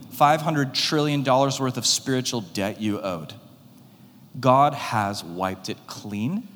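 Male pastor, dramatic preaching, loud-to-hushed swings, long hall reverb. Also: medium pitch, a little hiss or hum. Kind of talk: sermon.

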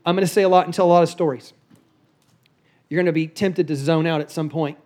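A middle-aged man preaching from a church stage, his voice high for a man. He keeps a loose, joking, conversational manner with the congregation. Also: steady tone, fast, darkish tone. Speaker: guest pastor. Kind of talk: sermon. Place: church sanctuary.

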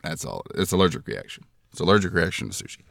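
Male podcast host, deep voice, self-deprecating storyteller, dry close mic. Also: very animated, fast, creaky, fairly bright tone, no echo. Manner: rambling, self-deprecating, jokey.

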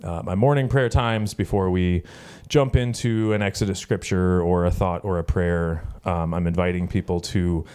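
A man in his thirties, a pastor preaching a sermon in a relaxed, storytelling way with many fillers. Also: low voice, normal speed, smooth. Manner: conversational storytelling with frequent fillers. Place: church gathering.

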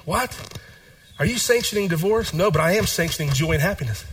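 A man preaching a sermon as pastor, repeating phrases and moving between hushed and animated delivery. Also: sits high, fairly quick, breathy edge.

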